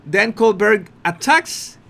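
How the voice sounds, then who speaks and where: Animated, high-voiced male commentator. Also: takes it slowly, gravelly. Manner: animated and emphatic, repeats words, laughs at his own points. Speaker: host of a commentary channel. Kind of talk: video commentary on a talk-show clip.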